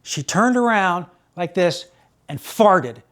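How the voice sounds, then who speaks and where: A man telling a funny family story to the camera in a playful, animated way. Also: high-pitched, slow pace. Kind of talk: comedic storytelling.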